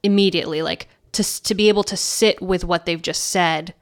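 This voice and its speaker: A woman's voice: lowish voice, fairly even intonation, fairly quick. A woman speaking thoughtfully and reflectively in a casual faith conversation.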